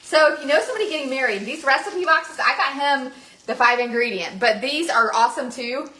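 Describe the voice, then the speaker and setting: Woman, cooking livestream host, chatty, upbeat, fairly high voice, echoey kitchen. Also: expressive, a little fast, sharp tone. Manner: chatty and upbeat, addresses viewers as y'all. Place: home kitchen.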